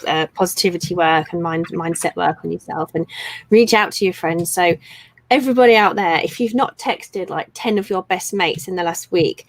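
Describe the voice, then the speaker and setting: A woman's voice: lowish voice, normal speed, dry recording, low-quality recording. A woman in her thirties co-hosting a casual live stream from home, chatting in a rambling way with lots of ums. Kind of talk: casual chat.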